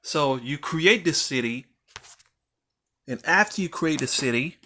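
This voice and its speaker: A man's voice: on the high side, lively intonation, unhurried, pushed and bright. A man giving a casual motivational monologue for his vlog, rambling and repeating phrases for emphasis, with the odd swear word. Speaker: vlogger.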